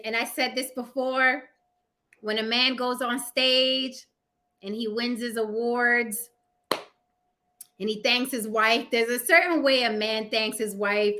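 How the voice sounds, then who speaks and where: A woman's voice: a little high, sharp tone. A woman with a New York accent hosting a casual livestream chat, blunt, sassy and full of profanity. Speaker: host.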